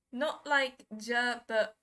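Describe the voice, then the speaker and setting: A woman's voice: on the high side, bright, forceful tone. A young woman chatting casually on a live stream, giggling often as she reads and answers viewers' messages. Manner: giggly, reads and answers chat, plays with pronunciations.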